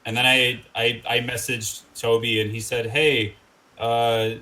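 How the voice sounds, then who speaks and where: Bright-voiced man chatting casually. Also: medium pitch, unhurried, low-quality recording. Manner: rambling, filler-heavy, animated when quoting people. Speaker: guest musician. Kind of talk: casual interview chat.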